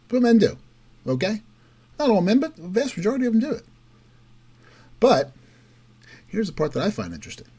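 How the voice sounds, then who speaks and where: A man's voice: fairly high pitch, sing-song, brisk, long pauses, dark tone, breathy edge. A man hosting a political commentary show, delivering an opinionated monologue and mocking others with quoted voices. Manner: emphatic, mocking quotes in raised voice.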